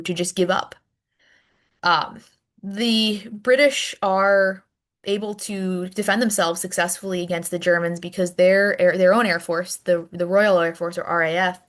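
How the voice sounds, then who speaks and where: A woman teaching a recorded history lecture in a conversational way, often restarting and repeating words as she goes. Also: fairly low pitch.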